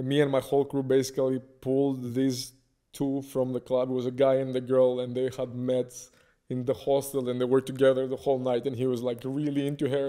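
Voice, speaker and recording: Guest, young man, animated casual storyteller. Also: medium pitch, clean tone. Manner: animated, swearing freely.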